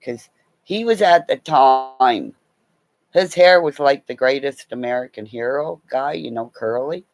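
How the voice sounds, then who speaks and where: A woman's voice: a bass voice, a little slow, a little mellow, no room sound. A middle-aged woman telling a meandering personal story in a casual way, laughing often and swearing freely.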